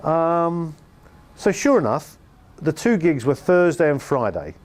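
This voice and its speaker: A man with an English accent, once a band manager and music promoter, tells anecdotes in a wry, dry, humorous way during a storytelling interview. His voice is slightly high and sing-song, with a darkish tone and a measured pace.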